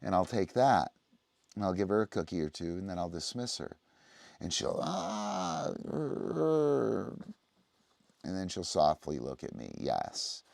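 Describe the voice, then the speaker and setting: A man's voice: low-pitched, lively intonation, moderate pace, creaky, darkish tone, no echo. A man teaching dog training on a livestream, explaining casually and often checking in with the listener. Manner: conversational, explaining, often asks "right?".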